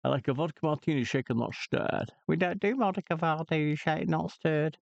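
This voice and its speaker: A man's voice: on the high side, fairly even intonation, moderate pace, creaky, dry recording, pitched above the performer's own voice. A man doing a suave older spy drawl. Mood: smug. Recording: dull lo-fi dry recording.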